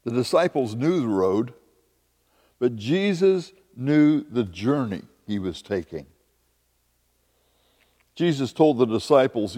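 Man preaching, lively pitch, unhurried, long hall reverb, church sanctuary. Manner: animated preaching with emphatic repeated lines. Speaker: pastor. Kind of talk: sermon.

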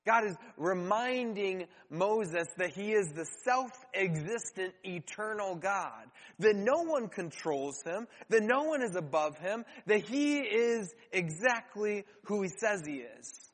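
A man preaching a sermon as pastor, earnest, with rhetorical questions and dramatic pauses. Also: high voice, expressive, a bit bright, long reverb tail.

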